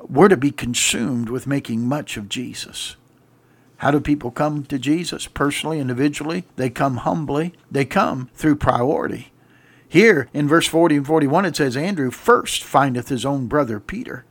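A middle-aged male pastor preaching a radio sermon with rhetorical questions and repeated refrains, swelling to loud emphatic peaks. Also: mid-range voice, moderate pace.

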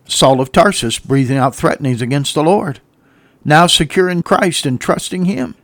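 A man's voice: a little high, animated, normal speed, dry recording. A male pastor preaching a sermon, building emphatic repeated refrains and acting out the voices of people he quotes.

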